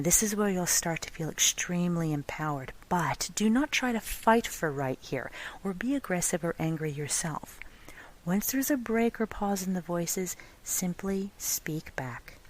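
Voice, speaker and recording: A woman with a slightly low voice hosts a spiritual self-help podcast. She speaks softly and deliberately, and her words often thin out into a breathy whisper. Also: rough recording. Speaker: podcast host.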